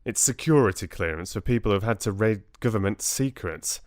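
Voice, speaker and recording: A man's voice: lowish voice, expressive, fairly quick, darkish tone, no echo, studio quality, natural voice. A man voicing a posh young prince, clipped and irritable yet fond, with a British accent. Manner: clipped, upper-class.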